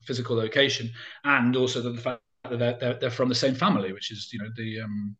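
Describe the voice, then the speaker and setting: A man's voice: medium pitch, steady tone, fast talker, a bit bright, lo-fi sound. A man chatting casually as an interview guest, talking in loose, rambling sentences full of fillers and restarts.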